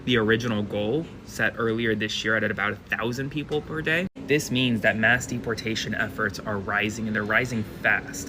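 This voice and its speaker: Male news presenter, low voice, urgent, noisy background. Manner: urgent, brisk news delivery. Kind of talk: social media news update.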